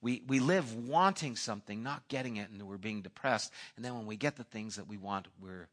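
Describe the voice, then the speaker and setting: Bright-voiced male preacher. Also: fairly low pitch, a little fast. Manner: storytelling, acts out dialogue in voices. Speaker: pastor. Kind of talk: sermon.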